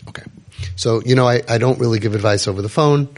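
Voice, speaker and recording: A man's voice: medium pitch, fast talker, darkish tone. A middle-aged man hosting a podcast, telling a story vividly and acting out what other people said. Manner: vivid retelling that acts out other people's words. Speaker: podcast host and parenting guide.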